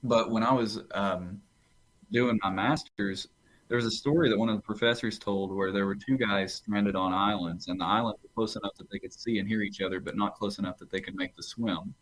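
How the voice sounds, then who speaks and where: A man's voice: fairly low pitch, steady tone, a little fast, dry recording, low-quality recording. A man, a pastor on a podcast, talking casually about theology and rambling into stories, often restarting his phrases.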